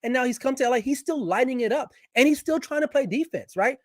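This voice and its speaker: Opinionated high-voiced man talking sports. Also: fast talker, no room sound, studio quality. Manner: opinionated, animated, with many restarts. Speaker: guest sports commentator. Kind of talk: casual sports chat.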